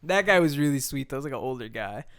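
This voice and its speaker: A man co-hosting a podcast, telling a story in casual, animated chat and swearing freely. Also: medium pitch, rapid-fire. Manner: animated, swearing, acts out people's lines in raised voices. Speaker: podcast co-host.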